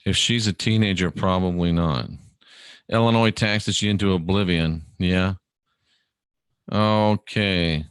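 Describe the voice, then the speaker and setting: A man's voice: sits low, fairly even intonation, slow, clear, resonant tone, dry recording. A man hosting a casual livestream, reading viewer questions aloud and answering them by name in a rambling, chatty way.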